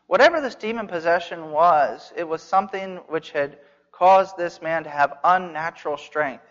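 High-voiced man preaching in a hall. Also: a bit bright. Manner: earnest, emphatic, repeats phrases for stress. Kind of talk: expository sermon. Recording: dull sound with long hall reverb.

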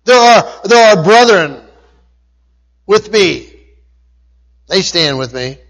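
A man with a notably high voice delivers a sermon. He stumbles and restarts, then hammers home phrases by repeating them again and again. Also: animated, takes it slowly, fairly bright tone, poor audio. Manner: emphatic repetition, frequent restarts and stumbles. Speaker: preacher.

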